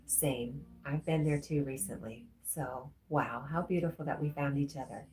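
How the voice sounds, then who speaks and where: Low-voiced woman reading chat on a livestream. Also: moderate pace, faint music behind. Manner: warm, reads chat comments aloud, gets emotional.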